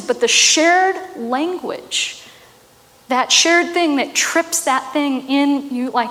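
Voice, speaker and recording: A woman's voice: sits high, takes it slowly, a bit bright, long reverb tail. A woman giving a casual, chatty talk on marketing, often tossing in "right?" asides. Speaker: marketing speaker.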